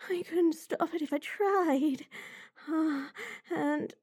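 A woman's voice: sits high, extremely slow, a little mellow, dry recording, studio quality. A young woman voicing a fawning, submissive puppy-girl in an adult audio role-play, giggling and whimpering breathlessly. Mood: needy.

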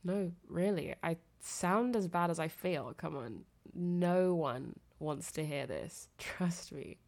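This audio creator, a young woman, is ill and congested, murmuring tenderly in a girlfriend phone-call role-play with frequent giggles and unfinished thoughts. She talks slowly in a fairly low pitch.

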